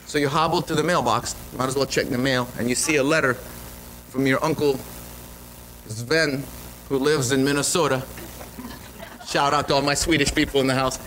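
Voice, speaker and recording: A man's voice: medium pitch, moderate pace, pauses often, noisy background. A male pastor preaching a sermon, telling a story with lots of energy and frequent restarts. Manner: animated storytelling with repeated restarts. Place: church sanctuary.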